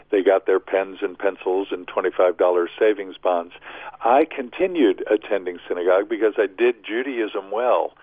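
An older man with a lowish voice recounts his childhood with lively humor. His voice comes through a dry, tinny phone line. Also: no echo. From Kansas City, United States. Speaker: guest. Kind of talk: interview storytelling.

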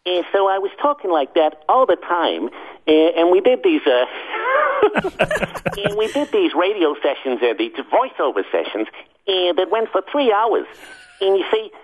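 A man's voice: sits high, sing-song, measured pace, slight background noise, pitched above the performer's own voice. A man voicing a wisecracking male cartoon rabbit with a nasal drawl, heard over a phone-like line. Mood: playful.

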